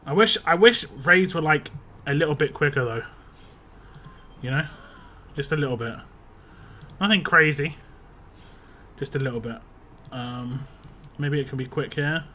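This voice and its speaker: A young man with a voice a bit rough after a drink, chatting casually and rambling while live-streaming a game and reading chat. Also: a little high, a little slow, pauses often, sharp tone, slight background noise. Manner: rambling, chatty, laughs often, reads chat aloud.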